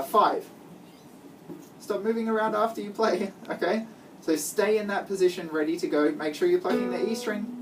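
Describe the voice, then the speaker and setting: Encouraging woman guitar teacher with a low voice, miked from a distance, guitar heard clearly. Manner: encouraging, praising and giving step-by-step instructions. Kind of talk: one-on-one music lesson. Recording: distant mic with guitar playing.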